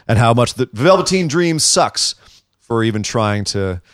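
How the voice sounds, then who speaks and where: A young man co-hosting a wrestling podcast, chatty and quick to get excited as he runs through the week's shows. His voice sits at an ordinary middle pitch. He is close on the mic in a dry, dead-sounding room. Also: dry recording. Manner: excitable, recaps with bursts of enthusiasm. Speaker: podcast co-host. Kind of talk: casual wrestling chat. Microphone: headphones and studio mic.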